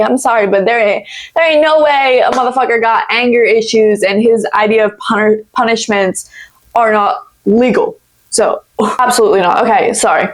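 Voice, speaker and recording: A woman YouTuber chatting in her home office, rambling and blunt as she reads online posts aloud and reacts to them with swearing. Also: a little high. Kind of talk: casual chat and reading with commentary.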